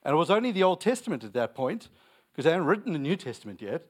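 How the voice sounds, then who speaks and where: A man's voice: fairly high pitch, big pitch swings, fast talker. A young man preaching a sermon, repeating lines for emphasis and telling stories with laughter.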